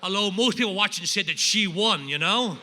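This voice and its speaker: A man with a Northern Irish accent tells his own story of drinking and recovery to a live meeting crowd. His voice sits high and cuts through with a sharp, forceful brightness. He is wry and self-deprecating, and he lands his jokes like a seasoned storyteller. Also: expressive, moderate pace, slight background noise. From Northern Ireland. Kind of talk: humorous personal recovery talk.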